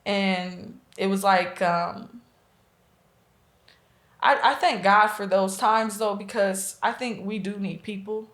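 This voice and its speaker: A woman's voice: medium pitch, steady tone, takes it slowly, a bit bright, roomy sound. A woman from Nebraska, a guest on an interview show, telling a personal story earnestly with many fillers and quoted dialogue. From Omaha, Nebraska. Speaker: guest, Reiki practitioner.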